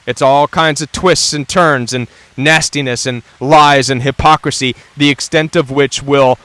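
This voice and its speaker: A man's voice: mid-range voice, fairly even intonation, unhurried, fairly bright tone, no room sound. A man hosting a talk about narcissistic abuse, speaking earnestly and emphatically, now and then acting out what others say. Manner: earnest, emphatic, acts out quoted voices. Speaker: host.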